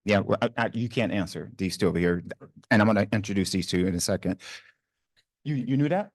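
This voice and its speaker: A man's voice: on the low side, brisk, no room sound, studio quality. A man with a Southern accent from New Orleans, speaking on a business panel to a live audience in a conversational way, with many ums and restarts. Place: university event room.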